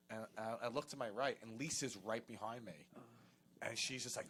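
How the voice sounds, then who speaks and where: A man's voice: fairly low pitch, fairly quick, fairly bright tone. Rambling, profane male storyteller. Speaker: comedian podcast co-host. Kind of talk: casual storytelling chat.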